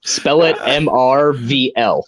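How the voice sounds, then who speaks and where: A man from Illinois with a mild East Tennessee Southern accent, an easygoing guest on a video call who pauses with fillers. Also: medium pitch. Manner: easygoing, laughs lightly, hesitant fillers. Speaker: guest caller. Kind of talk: casual chat.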